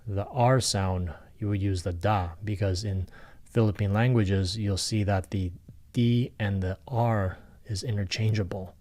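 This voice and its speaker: Slow, deep-voiced man teaching script. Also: fairly even intonation, a little mellow. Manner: patient, deliberate teaching, sounding out syllables one by one. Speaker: lecturer on Philippine script. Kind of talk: recorded lecture.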